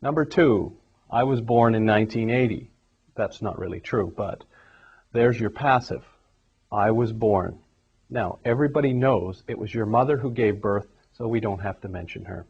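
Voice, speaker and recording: A man teaching English grammar, explaining examples step by step in a steady classroom manner. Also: lowish voice, moderate pace, slightly rough. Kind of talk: grammar lesson. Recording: dull lo-fi recording.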